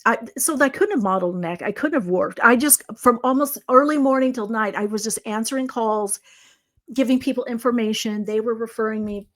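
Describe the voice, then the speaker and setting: A woman's voice: a little high, fairly quick, fairly bright tone. A middle-aged woman in a casual conversation, telling stories animatedly as a psychic guest. She acts out the dialogue she quotes and often restarts her sentences. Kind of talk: casual storytelling. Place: video conversation.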